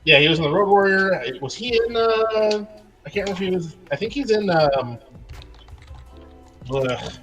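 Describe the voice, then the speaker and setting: A man's voice: high-pitched, animated, moderate pace, pauses often, fairly bright tone, highs cut off, soft background music. A man who customizes toys, chatting casually on a live stream, laughing easily and often trailing off mid-thought. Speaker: toy customizer, co-host.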